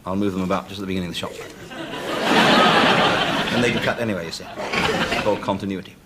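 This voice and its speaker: A man's voice: low voice, steady tone, quick pace. A man, a comedian, in dry, teasing banter between takes on set, in a noisy old studio recording.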